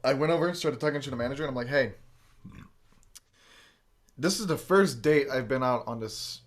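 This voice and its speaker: Podcast guy, mid pitch, animated storyteller, swears a lot, does the voices in his quotes. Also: normal speed. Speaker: podcast host. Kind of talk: casual podcast chat, storytelling.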